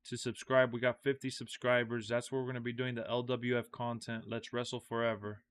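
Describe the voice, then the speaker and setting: A man's voice: medium pitch, flat delivery, a little fast, no room sound. Casual male gaming streamer. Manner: loose, joking and self-mocking. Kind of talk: casual live-stream chat.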